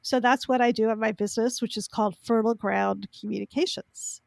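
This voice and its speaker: A woman's voice: a little high, fairly even intonation, fairly quick, creaky, no room sound. A middle-aged woman, a podcast guest, chatting casually and explaining things in long run-on sentences. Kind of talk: casual interview chat.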